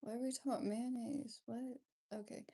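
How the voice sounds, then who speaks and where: Gravelly young woman chatting on a stream. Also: on the high side, fairly even intonation, dark tone. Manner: unhurried, drifting, chatty asides. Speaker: livestreamer. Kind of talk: casual livestream chat reading comments.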